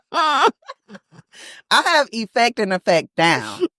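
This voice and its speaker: A woman co-hosting a podcast in casual chat, emphatic and quick to laugh. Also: high-pitched, huge pitch swings, bright, forceful tone, dry recording, studio quality. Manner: chatty, laughs often, emphatic. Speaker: podcast co-host.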